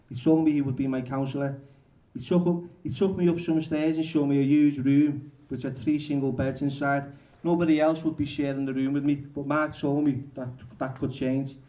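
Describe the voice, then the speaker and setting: This mellow, mid-range voice belongs to a man from England who reads his own book aloud at a bookshop and tells candid stories. He's frank and pokes fun at himself, talking chattily with lots of fillers.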